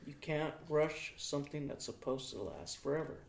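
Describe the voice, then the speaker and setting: A man's voice: a little high, expressive, moderate pace, vocal fry. A man with a slightly raised voice drops short, dry comments into a casual chat. He sits in an echoey room, a little away from the mic.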